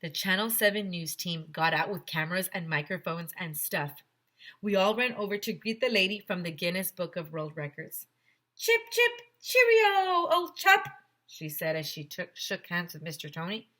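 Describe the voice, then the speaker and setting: A woman teacher reads a children's chapter book aloud in an animated, playful way. Her voice is rather low but bright and clear. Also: moderate pace.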